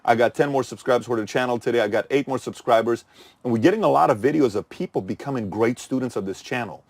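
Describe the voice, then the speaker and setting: A man's voice: medium pitch, fast talker, dry recording. A middle-aged man hosting his channel, giving a punchy motivational talk full of rhetorical questions that he answers himself. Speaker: channel host.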